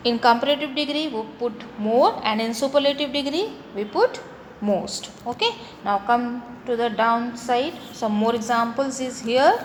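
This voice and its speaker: A woman with an Indian accent teaching English grammar, repeating example words slowly and breaking them into syllables. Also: on the high side, long reverb tail, a little hiss or hum. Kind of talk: grammar lesson mixing English and Hindi.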